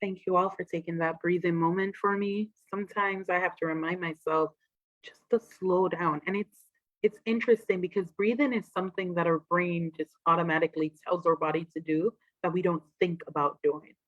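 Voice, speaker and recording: A woman, a trauma expert, giving an animated, casual talk on a livestream and acting out quoted voices. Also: on the low side, fairly quick, dry recording, muffled recording.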